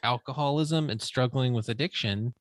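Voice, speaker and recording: A man co-hosting a podcast, talking sympathetically and haltingly as he searches for his words. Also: medium pitch, no room sound. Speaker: podcast co-host. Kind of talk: casual music discussion.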